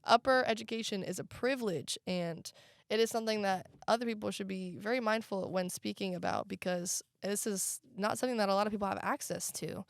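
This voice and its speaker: A woman's voice: mid-range voice, brisk, vocal fry, dry recording, studio quality. A young woman from the American South co-hosting a casual college podcast, frank and opinionated with sassy asides. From Southern United States. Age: young adult. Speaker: podcast co-host; community college student and student life worker. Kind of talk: casual chat.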